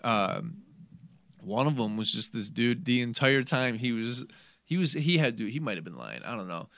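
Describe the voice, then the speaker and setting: A man's voice: mid-range voice, sing-song, normal speed, fairly bright tone, no echo. A young adult man hosting a podcast, trading crude, laid-back banter full of fillers. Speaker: podcast host. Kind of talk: casual podcast chat.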